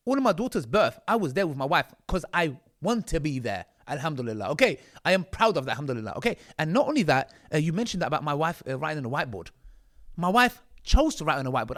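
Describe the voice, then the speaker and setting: A man's voice: high-pitched, fairly bright tone. A man from the UK with a combative, mocking manner, commenting on video clips of his critics. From United Kingdom. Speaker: online commentator.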